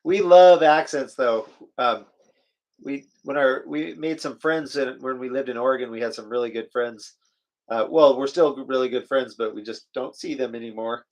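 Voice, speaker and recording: Co-hosting a laid-back live chat stream, this West Coast man has a medium-pitched, slightly mellow voice and speaks at a normal speed. He keeps things chatty, cracking jokes and reading out comments from viewers.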